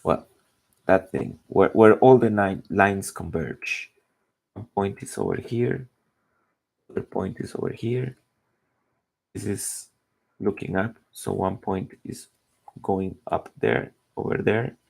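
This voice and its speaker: A man's voice: on the low side, expressive, slow, gravelly, long pauses, a little mellow. A man chatting casually while drawing, rambling and searching for words. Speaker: artist narrating his drawing.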